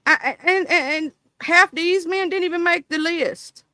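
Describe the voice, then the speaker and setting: A woman's voice: very high voice, moderate pace, sharp tone, no echo. A woman streaming live, reading a ranked list aloud and breaking into indignant, swearing asides to her viewers. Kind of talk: casual live-stream chat.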